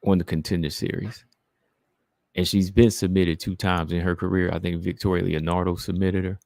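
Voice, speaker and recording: Gravelly-voiced man hosting a live chat. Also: sits low, flat delivery, moderate pace, darkish tone, no room sound, studio quality. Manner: chatty, answers viewers, says "man" a lot. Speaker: livestream host reading chat. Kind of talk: casual live-stream chat.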